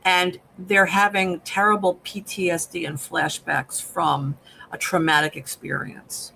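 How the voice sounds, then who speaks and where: A man's voice: high voice, level tone, measured pace, vocal fry, bright, forceful tone, slight background noise, low-quality recording. A man co-hosting a live film review, explaining his ideas patiently like a therapist and checking in with "okay?" as he talks. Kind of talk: live casual review chat.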